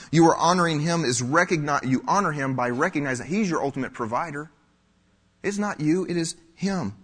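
Preacher guy, kinda husky, acts out little voices mid-sermon. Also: mid-range voice, fairly bright tone. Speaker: pastor. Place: church before a live congregation.

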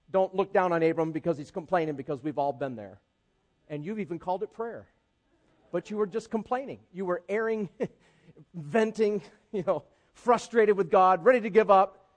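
A male pastor with a high-pitched voice delivers a sermon in a casual, conversational way. He is animated and acts out the scripture characters as he goes. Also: normal speed. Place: church.

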